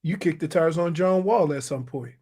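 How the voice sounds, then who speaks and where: High-pitched radio co-host guy, needling and arguing, casual banter. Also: normal speed, warm tone, husky. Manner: needling, argumentative. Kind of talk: casual sports talk banter.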